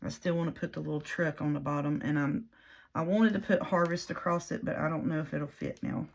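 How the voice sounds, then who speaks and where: Sitting low and a little mellow, this woman's voice has vocal fry, fairly even intonation and a fairly quick pace. She's a paper crafter demonstrating a project, chatting in a rambling, folksy way and commenting on her own mistakes as she works.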